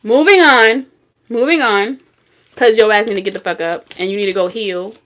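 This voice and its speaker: A woman reads tarot cards in a vlog. Her talk is blunt and profane, scolding and full of repeated punchy phrases, in a voice of middling pitch. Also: fairly quick, a bit bright. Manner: blunt, profane, scolding street talk with sudden laughs and singing. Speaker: tarot reader.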